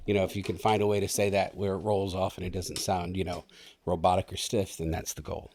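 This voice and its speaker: A middle-aged man with a very low, deep voice talks about teaching radio. He explains at an easy pace and laughs now and then. It is a casual podcast chat. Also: a little fast, slight background noise. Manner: relaxed, explanatory, laughs easily. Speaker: radio instructor and station manager, guest.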